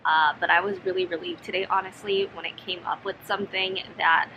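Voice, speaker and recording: A young woman in a casual home vlog, speaking softly and hesitantly with many pauses and restarts. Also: on the low side, fairly even intonation, highs cut off, noisy background. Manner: soft-spoken, hesitant, many ums and restarts. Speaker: vlogger. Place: home, sitting on the floor. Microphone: camera mic.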